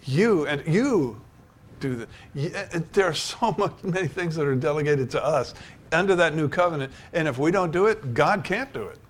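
A man's voice: a little high, animated, normal speed. Older man preaching with rising fervor. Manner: storytelling, rising to emphatic preaching. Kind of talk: sermon.

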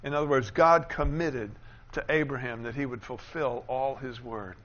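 A man preaching a sermon as pastor, building to loud, emphatic declarations and dropping into quick conversational asides. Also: mid-range voice, lo-fi sound.

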